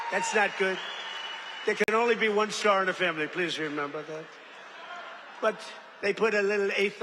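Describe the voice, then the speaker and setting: An older man gives a rambling, boastful rally speech from a podium in a large event venue, throwing in mocking asides and acting out quotes. His fairly high voice has a sharp tone, and the reverberant recording carries faint ambience and a little hiss or hum.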